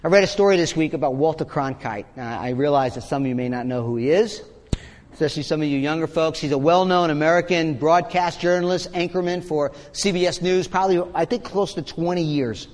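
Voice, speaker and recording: A man's voice: fairly high pitch, a little fast. A man preaching a sermon as pastor, in a conversational way with sarcastic asides. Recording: long hall reverb.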